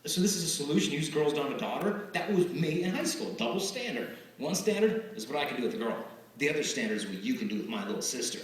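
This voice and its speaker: A man's voice: a little high, fast. A male speaker giving a live motivational talk to students, telling stories and acting out the exchanges in them. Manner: lively storytelling, acting out quoted exchanges. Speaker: chastity speaker at schools. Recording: echoey hall, far from the mic.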